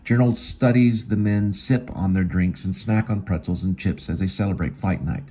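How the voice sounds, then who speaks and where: A man's voice: sits low, normal speed, darkish tone. A man reading his own screenplay aloud, working through the scene directions plainly, with small slips. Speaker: actor and channel host.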